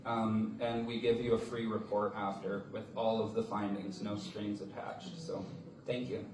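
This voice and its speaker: A man giving a conference presentation in a halting style, with many fillers. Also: on the low side, level tone, very noisy. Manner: halting, with frequent fillers and a measured delivery. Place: large conference hall. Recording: echoey hall, distant mic, faint ambience.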